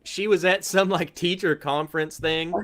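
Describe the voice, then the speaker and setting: A man's voice: a little high, fairly even intonation, normal speed, fairly bright tone. A man hosting a casual livestream chat, who laughs often and stumbles over his first words. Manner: laughs often, repeats words when starting. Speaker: livestream host.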